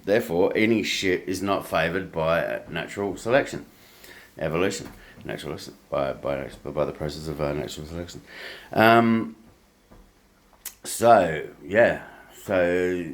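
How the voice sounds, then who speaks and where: A man vlogging at home, rambling and crude, swearing freely between fillers. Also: sits low. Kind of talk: casual rambling vlog monologue. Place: home, while making breakfast.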